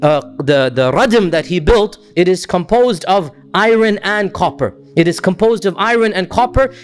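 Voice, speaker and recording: A man lecturing on Quran commentary, patiently explaining Arabic words and checking in with his listeners. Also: high voice. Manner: shifts into chanted Arabic verse recitation. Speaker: Islamic lecturer.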